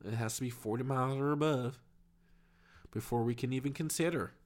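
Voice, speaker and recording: A man's voice: mid-range voice, fairly quick, a little mellow, natural voice. A man mimicking a polite, apologetic female clerk who sticks to the rules. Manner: polite, apologetic, rule-bound.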